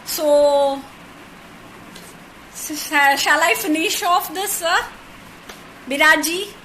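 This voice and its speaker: A woman leads a poetry lesson in a high, light voice. She speaks slowly and deliberately, breaking each word into its syllables and repeating them. A faint hiss sits under her voice. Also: bright, forceful tone, rough recording. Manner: sounds words out syllable by syllable, patient and repetitive; thanks viewers by name with honorifics. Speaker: poetry workshop teacher. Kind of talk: live online workshop lesson.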